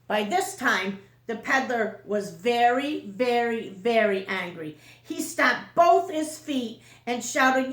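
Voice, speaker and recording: A woman teacher reading a picture book aloud to children, slowly, often stopping to ask them questions. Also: fairly high pitch, animated, reverberant. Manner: slow, questioning storytime delivery.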